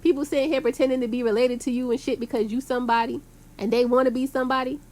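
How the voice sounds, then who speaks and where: A woman, rambling to her viewers in a loose, emphatic monologue. Her voice sits a little high, and her talk is full of slang, "yo"s and curses. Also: steady tone, very fast, a little mellow. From Brooklyn, New York. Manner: rambling, emphatic, heavy street slang with frequent yo and cursing. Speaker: vlogger. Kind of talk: casual rambling monologue to camera.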